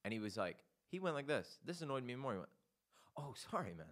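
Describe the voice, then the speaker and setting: A man hosting a casual comedy podcast, telling animated stories and acting out the people in them. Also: mid-range voice, quick pace. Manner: animated storytelling, acts out quotes. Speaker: podcast host.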